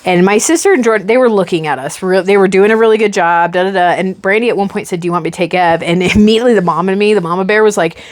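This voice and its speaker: A woman's voice: racing, hardly any pauses. A woman in her thirties co-hosting a casual chat, telling a story with lots of swearing and acting out her own panic. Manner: animated, swears freely, acts out her own panic with big pitch jumps. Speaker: podcast co-host.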